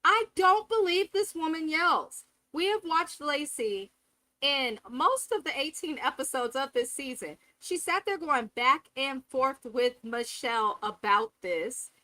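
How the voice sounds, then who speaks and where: A woman's voice: sits high, animated, unhurried, pushed and bright, dry recording, low-quality recording. A woman hosting a live reality TV recap, talking candidly and profanely and acting out cast members' lines. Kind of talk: live casual review commentary.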